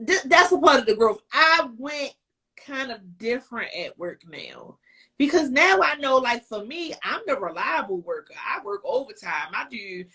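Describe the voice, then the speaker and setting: A woman's voice: on the high side, sing-song, moderate pace, pushed and bright, breathy edge. A woman on a casual podcast gives her opinions bluntly and teases her co-host, swearing freely. Her voice sits a touch above the usual for a woman. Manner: blunt, profane, teasing. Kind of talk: casual chat.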